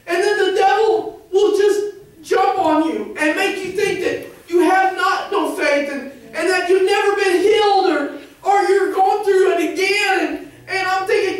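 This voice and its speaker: Very high-voiced Southern Illinois woman testifying. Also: recorded from a distance. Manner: earnest, halting with many restarts, rising into fervent cries. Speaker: church member giving testimony. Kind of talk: emotional church testimony. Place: church sanctuary. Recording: very echoey church, recorded from afar.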